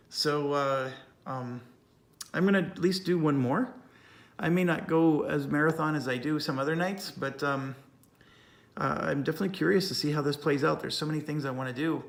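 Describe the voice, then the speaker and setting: Man in a slightly higher register, talking through a solo board game and reading rules aloud, with a slight cough.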